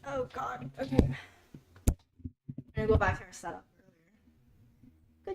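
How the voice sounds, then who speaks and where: A chatty, giggly young woman speaks in a slightly high voice, unhurried, with vocal fry and frequent pauses. Recording a casual cooking vlog in her home kitchen for viewers, she's flustered and talks to herself, the room giving a roomy echo with faint noise.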